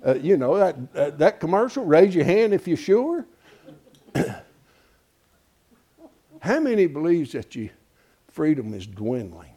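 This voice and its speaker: A man preaching a sermon in a folksy, animated way, with exclamations of praise. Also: a little high, slow, pauses often. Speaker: pastor.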